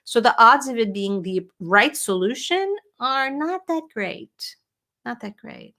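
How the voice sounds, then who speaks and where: Speaking into a home computer or webcam mic, this middle-aged woman runs a casual writing-coach livestream where she answers questions from viewers. She's lively and talkative, with a somewhat high voice and a measured pace.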